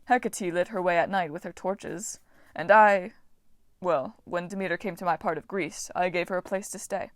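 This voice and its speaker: A woman's voice: on the low side, steady tone, moderate pace, no echo, studio quality, natural voice. A woman voicing an eccentric, self-absorbed male farming god, chatty and enthusiastic, in a storybook reading.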